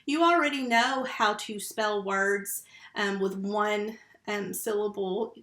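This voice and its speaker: Lady teacher walking little kids through syllables, slow and patient, spelling letters out, roomy echo. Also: medium pitch, fairly bright tone. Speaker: first grade teacher. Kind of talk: remote phonics lesson for young children.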